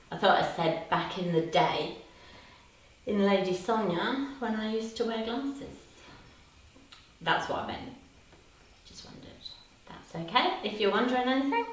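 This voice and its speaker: Woman in her 50s, low voice, live-chat host who reads out comments and laughs a lot; distant mic in an echoey room with faint hiss. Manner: chatty, laughs often, answers comments warmly. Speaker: livestream host. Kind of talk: casual livestream chat reading viewer comments.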